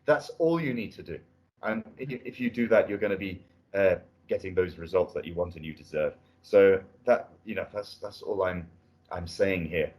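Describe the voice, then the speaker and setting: A British man with a fairly low voice gives spoken feedback on a mock exam. He sounds encouraging and restarts his phrases often. He is recorded indoors at a language school. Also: moderate pace, darkish tone. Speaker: speaking test examiner. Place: indoor room at a language academy.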